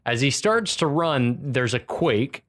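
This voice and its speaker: Guy walking through a movie plot on a podcast, mid-pitched voice, dry little jokes. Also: expressive, takes it slowly, fairly bright tone. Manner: narrates the plot in detail, dry asides. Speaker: podcast co-host. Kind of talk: casual movie recap chat.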